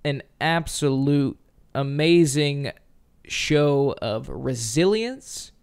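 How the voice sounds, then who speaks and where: A man's voice: medium pitch, expressive, very slow, smooth. A man co-hosting a casual podcast, joking and teasing his partner in a playful, dry way. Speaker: co-host.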